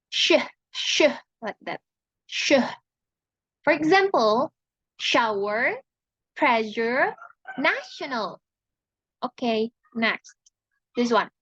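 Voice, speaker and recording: A young woman from Indonesia giving a class presentation on pronunciation, speaking haltingly and repeating each sound and example word. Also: fairly high pitch, fairly bright tone, no room sound, highs cut off. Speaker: student presenter.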